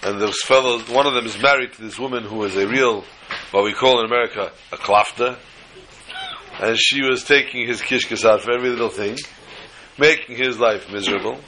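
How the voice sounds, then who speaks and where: A man's voice: mid-range voice, brisk, sharp tone, slight background noise, low-quality recording. An older man teaching a Torah class, mixing teaching with jokes and storytelling asides.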